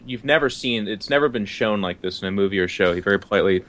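A man playing a tabletop role-playing game, describing his character's actions in a dry, deadpan way. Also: lowish voice, quick pace. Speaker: player.

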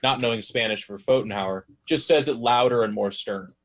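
A man playing in a tabletop game, chatting in a joking, animated way. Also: medium pitch, normal speed, slight background noise. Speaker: player. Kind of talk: casual chat at a tabletop game.

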